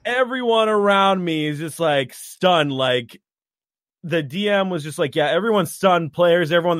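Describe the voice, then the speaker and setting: A man telling a tabletop game story in a casual chat, animated and acting out his character's shouted lines. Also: a little high, no room sound, clean studio sound.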